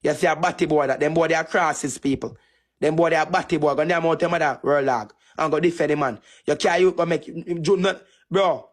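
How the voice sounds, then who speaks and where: A man's voice: on the high side, fairly quick. Heated Jamaican man ranting. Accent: Jamaican Patois. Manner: repetitive, taunting, heated. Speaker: TikTok streamer. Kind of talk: angry insult rant on a live stream.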